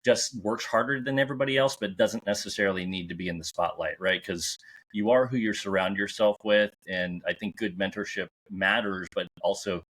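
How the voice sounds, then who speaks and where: Deep-voiced man hosting a podcast. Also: fairly quick, fairly bright tone. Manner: upbeat, encouraging advice-giving. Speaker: podcast host. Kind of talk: casual interview talk.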